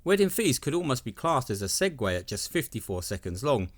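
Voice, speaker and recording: A man's voice: medium pitch, big pitch swings, fairly quick. A man giving scripted narration as a video essay host, with enthusiastic, wry commentary.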